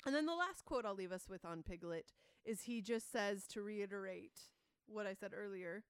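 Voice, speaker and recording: A woman's voice: mid-range voice, normal speed, clear, resonant tone, dry recording. A woman co-hosting a podcast in casual chat, explaining her thinking in a thoughtful, analytical way. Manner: thoughtful, analytical, reads quotes aloud. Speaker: podcast co-host.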